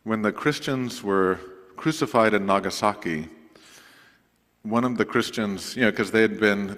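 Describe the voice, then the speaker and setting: A man preaching to his congregation in a relaxed, conversational way, with asides to the listeners. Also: lowish voice. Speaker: pastor. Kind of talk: sermon announcements. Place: church sanctuary. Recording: long reverb of a church sanctuary.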